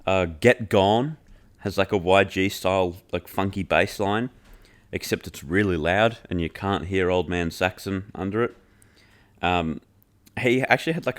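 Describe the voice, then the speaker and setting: Deep-voiced man chatting loosely. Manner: loose and joking, heavy filler "like", swears freely. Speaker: podcast host reviewing an album. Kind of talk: casual chat.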